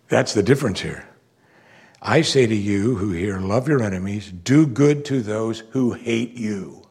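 A man preaching a sermon, moving between quiet, reflective asides and loud, emphatic declarations. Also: fairly low pitch, breathy edge. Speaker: pastor.

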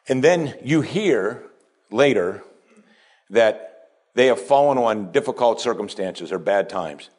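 A pastor preaching a sermon, dropping to quiet asides and then rising to strong, emphatic lines. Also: male voice, on the low side, expressive, slow pace. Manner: preaching with wide swings between hushed asides and raised, emphatic lines.

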